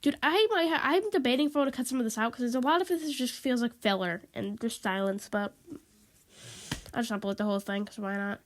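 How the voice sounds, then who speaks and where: A fast-talking woman with a slightly high voice rambles casually in a vlog recorded on a tablet microphone. She's congested and sniffling, apologizing and repeating things.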